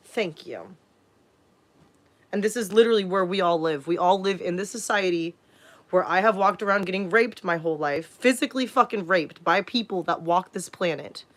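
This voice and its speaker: A woman's voice: medium pitch, a bit bright. A woman in her thirties ranting casually on a livestream, profane, rambling and emphatic.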